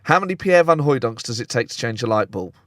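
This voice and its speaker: A man's voice: medium pitch, lively intonation, fast, fairly bright tone, no room sound, clean studio sound. A man with an English accent hosting a football podcast, chatty and playful, reading listener jokes aloud. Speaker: podcast host. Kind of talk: casual podcast chat.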